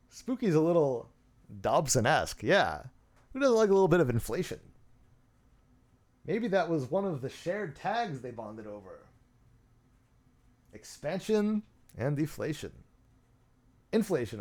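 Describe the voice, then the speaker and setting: A man's voice: a little high, sing-song, a little slow, long pauses, darkish tone. A man hosting, reading messages aloud with dry, sarcastic, mock-serious commentary. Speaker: host.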